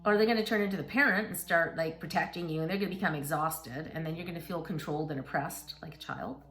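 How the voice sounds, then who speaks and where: A woman's voice: sits low, fast talker, a bit bright, soft background music. A middle-aged woman hosting a casual book talk, chatting and reading passages aloud in an encouraging way with asides to her listeners.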